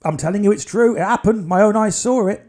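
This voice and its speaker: Higher-voiced man telling stories. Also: fast talker, darkish tone. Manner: chatty, digressive, wry asides. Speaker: podcast host. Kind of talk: casual podcast storytelling.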